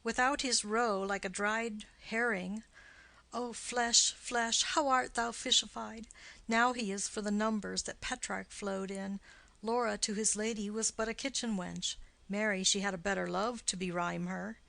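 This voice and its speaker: A woman's voice: mid-range voice, fairly even intonation, vocal fry, pushed and bright, dry recording. A woman reading the part of a witty, mocking young nobleman in an audiobook of a play. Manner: quick, punning banter.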